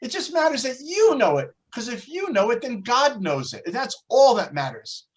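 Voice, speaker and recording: A man teaching a Torah class, telling a religious story in an animated way and shifting his voice for the quotes. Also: extremely high pitch, normal speed, poor audio. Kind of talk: religious lesson with dramatic storytelling.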